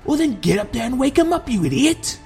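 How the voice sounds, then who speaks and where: A man's voice: very high-pitched, big pitch swings, a little fast, vocal fry, darkish tone, faint music behind, voice pushed up, full character voice. A male narrator voicing a grumpy, half-asleep male sergeant who growls insults from inside a tower.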